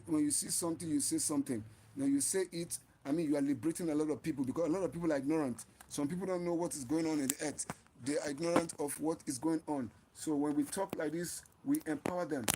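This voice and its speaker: A man's voice: a little high, fast, background noise. A man hosting his own channel, giving an impassioned, preachy live-stream talk and often repeating and restarting his phrases. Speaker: channel host.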